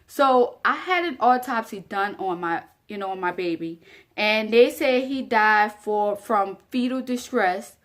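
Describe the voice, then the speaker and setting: A woman's voice: mid-range voice, animated, unhurried. A young woman vlogger telling a personal story straight to her viewers in a casual, earnest way, often repeating phrases for emphasis.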